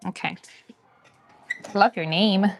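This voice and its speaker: A woman hosting a casual livestream from loud animal shelter kennels, cooing baby talk at the dogs as she films on a phone. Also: medium pitch, slow pace, creaky. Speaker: livestream host. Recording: noisy kennel with barking dogs. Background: barking dogs.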